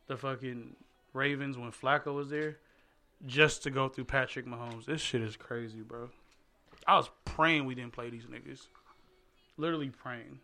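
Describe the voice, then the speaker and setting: A man hosting a casual chat at a table, animated and swearing freely as he jokes with two women. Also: medium pitch. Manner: animated, swearing, laughs often. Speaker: podcast host. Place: indoors at a table.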